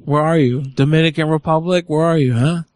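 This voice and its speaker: A man hosting a live prank call show, brash and mocking, with loud outbursts and swearing. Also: fairly high pitch, fairly even intonation, brisk, no echo.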